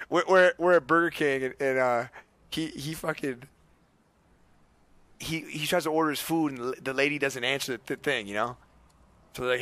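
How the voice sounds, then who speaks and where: A young man streaming, telling a story in casual, excited, profane chat full of restarts. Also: mid-range voice.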